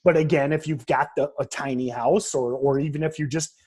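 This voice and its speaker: A man's voice: a little high, fairly even intonation, fairly quick, a little mellow, breathy edge. A man co-hosting a podcast, talking in a loose, rambling way with lots of restarts and casual slang. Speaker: podcast co-host. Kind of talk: casual chat.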